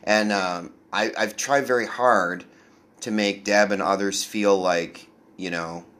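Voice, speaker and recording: A man's voice: on the low side, steady tone, takes it slowly, fairly bright tone. A man hosting a podcast interview in a hotel room, earnest and rambling, full of "you know". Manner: rambling, earnest, many fillers. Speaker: podcast host. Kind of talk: casual interview chat.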